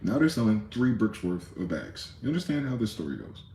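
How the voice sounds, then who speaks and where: A man's voice: on the low side, big pitch swings, moderate pace, reverberant, slight background noise. A man hosting a rambling late-night monologue, profane and conspiratorial in tone, with many asides. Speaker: host.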